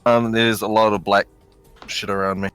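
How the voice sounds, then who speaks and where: A man's voice: fairly low pitch, level tone, normal speed, fairly bright tone, clean tone, dry recording, faint music behind. A man playing a tabletop role-playing game, hesitant and unsure of his options. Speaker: player. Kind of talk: casual tabletop play.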